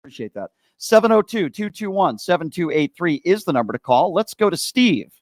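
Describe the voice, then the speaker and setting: A man's voice: on the high side, sing-song, brisk, no echo, clean studio sound. A man hosting a political call-in show, talking bluntly and sarcastically, fired up. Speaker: radio show host.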